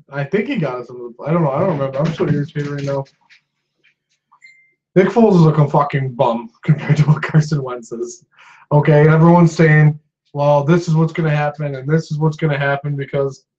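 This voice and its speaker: Agitated, swearing man ranting on a dull lo-fi recording. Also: a little high. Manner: agitated, swearing, repeats himself. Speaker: sports fan vlogger. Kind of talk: upset sports rant.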